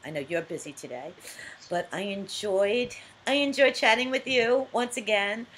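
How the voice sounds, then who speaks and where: A woman's voice: mid-range voice, moderate pace, fairly bright tone, a little hiss or hum. A woman hosting a casual chat over a video call, talking freely with frequent restarts and laughter. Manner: chatty, laughs often, many restarts. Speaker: host.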